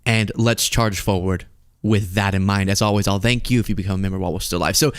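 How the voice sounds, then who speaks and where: A man hosting a political commentary show, sarcastic and animated. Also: on the low side, fast, clean tone, dry recording, studio quality. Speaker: host.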